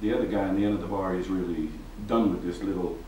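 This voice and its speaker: A man telling a joke as a lively story, raising his voice for quoted lines. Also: low voice, fast, far from the mic, slight background noise. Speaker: joke teller. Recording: roomy, from off mic, faint ambience.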